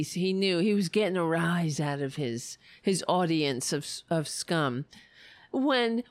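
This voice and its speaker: Sarcastic, profane woman ranting, slow delivery. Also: medium pitch, dry recording. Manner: profane, sarcastic, muttering asides while searching. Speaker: political commentator. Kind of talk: angry political rant.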